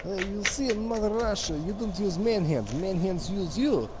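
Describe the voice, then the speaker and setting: A man's voice: sits high, animated, moderate pace, background noise. A man in a game party chat voicing a brash joking Russian character with a fake accent and broken grammar. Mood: mocking.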